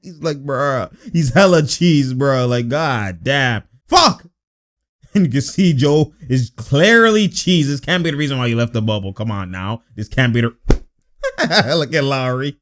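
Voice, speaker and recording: A man giving casual, slang-filled reaction commentary on basketball footage, animated and exasperated. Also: mid-range voice, unhurried.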